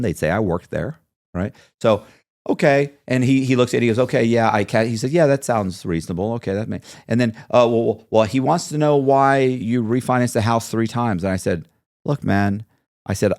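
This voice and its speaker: Low-voiced man telling a story. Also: no room sound, studio quality. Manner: animated storyteller, acts out quoted voices. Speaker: podcast guest. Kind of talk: storytelling interview.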